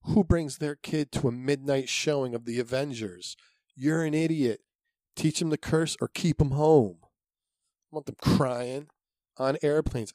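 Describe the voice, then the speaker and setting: A man's voice: mid-range voice, a little mellow, dry recording. A man with an American accent hosting his own podcast, delivering a blunt, profane solo rant in a repetitive, punchy way. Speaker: podcast host.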